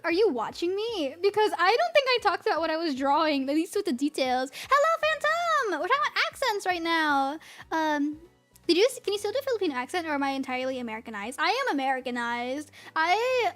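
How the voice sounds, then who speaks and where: A woman's voice: sits high, a bit bright. A woman streamer with a light New England accent, chatting casually with her chat in a rambling, giggly, talkative way. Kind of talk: casual livestream chat, reading chat.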